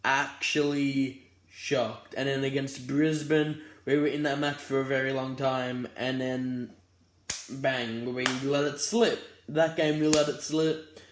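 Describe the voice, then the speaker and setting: A young Australian man talks through a footy fan preview in a rambling, fired-up way, stumbling over his words. He sounds tired, with yawns between lines. His delivery stays flat and level, and the room echoes around him. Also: mid-range voice, slow pace, slight background noise. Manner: rambling and fired up, many restarts. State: tired and yawning. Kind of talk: casual fan preview monologue.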